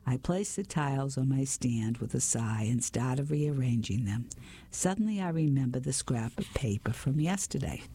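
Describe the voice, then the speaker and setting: A woman reading a story aloud in the first person, with an even, unhurried delivery. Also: extremely low pitch, slightly rough. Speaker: audiobook narrator.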